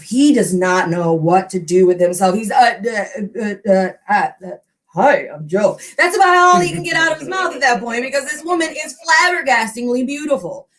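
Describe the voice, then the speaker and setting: A woman telling a ghost story in an expressive, animated storytelling style. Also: fairly high pitch. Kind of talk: dramatic oral storytelling.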